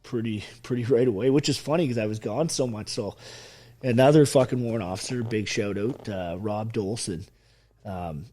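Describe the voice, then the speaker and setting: A man in his thirties, a former soldier from Canada, telling his life story in a casual interview with lots of swearing and animated retelling. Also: on the low side, moderate pace. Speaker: podcast guest, former soldier.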